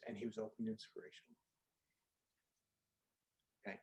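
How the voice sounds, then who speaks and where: Older man, a little high-pitched, telling an earnest personal story on a video call. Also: moderate pace, muffled recording. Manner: earnest, conversational storytelling, voice drops soft at emotional moments. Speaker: speaker on a group call. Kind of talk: storytelling talk.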